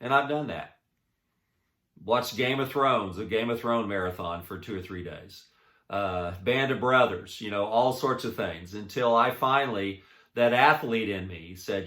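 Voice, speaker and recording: Earnest man in an echoey room. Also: fairly low pitch. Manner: earnest, halting, with many restarts; swings between soft and emphatic. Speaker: motivational speaker. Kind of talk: personal inspirational talk.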